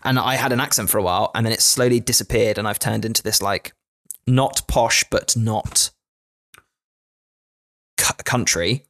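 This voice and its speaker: A man's voice: lowish voice, normal speed, pauses often, a bit bright. A man from England co-hosting a casual podcast chat, joking around with lots of fillers and restarts. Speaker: podcast co-host. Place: indoor podcast recording. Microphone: podcast microphone.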